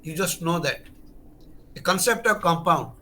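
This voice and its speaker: A man's voice: fairly high pitch, animated, normal speed, pushed and bright. A man, teaching Sanskrit grammar in a lecture, earnest and emphatic, repeating key terms and restarting phrases as he explains. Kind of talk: online lecture.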